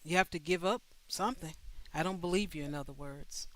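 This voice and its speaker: A man's voice: fairly high pitch, fairly quick, fairly bright tone. A man hosting a livestream advice show, answering a caller bluntly and directly.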